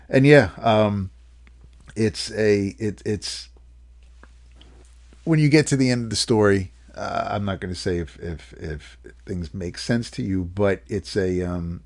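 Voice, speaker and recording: A man co-hosting a comics podcast, casually recapping a story with many restarts and fillers. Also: fairly low pitch.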